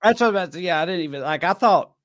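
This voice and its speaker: A man's voice: high voice, animated, very fast, no echo. Dry-sounding man riffing on a comedy podcast. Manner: loose, profane, jumps into silly put-on accents. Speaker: podcast co-host. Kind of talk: live improv comedy chat.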